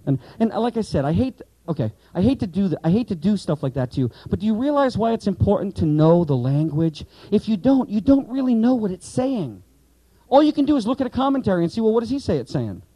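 Male pastor-teacher, Bible class lecture, asks the room questions, dry close sound, mellow slightly high voice. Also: animated, quick pace, no room sound, poor audio. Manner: explanatory, rhetorical questions, asides to class.

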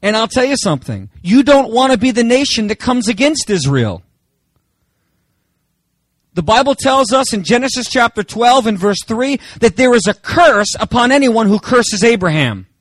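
A man from Germany delivers an emphatic sermon, often asking his congregation rhetorical questions. His voice sits high for a man. The sound is dry and close, with no room echo. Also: expressive, normal speed. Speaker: pastor.

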